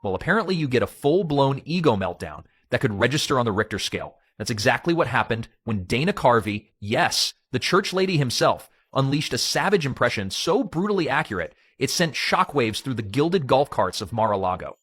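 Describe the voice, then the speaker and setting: A man's voice: medium pitch, sing-song, fairly quick, hardly any pauses, fairly bright tone, slightly rough, no room sound. A man narrating in a dramatic, hyped teaser style. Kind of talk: scripted narration.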